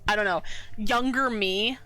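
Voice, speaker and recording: Bright-voiced chatty woman streamer. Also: medium pitch, unhurried, faint music behind. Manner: chatty, rambling, lots of fillers, swears casually. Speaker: art streamer. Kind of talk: casual storytelling to chat.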